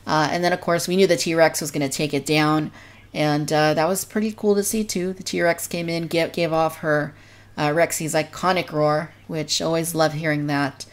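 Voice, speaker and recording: A woman's voice: sits low, fairly even intonation, normal speed. A woman co-hosting a casual podcast discussion, reviewing in an earnest, detailed way. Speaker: podcast co-host.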